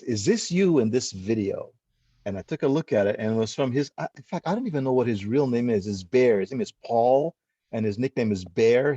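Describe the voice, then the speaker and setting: Gravelly man, lo-fi call audio. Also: medium pitch, no echo. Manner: animated storyteller who acts out quoted exchanges. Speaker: host. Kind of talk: casual storytelling chat. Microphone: video call.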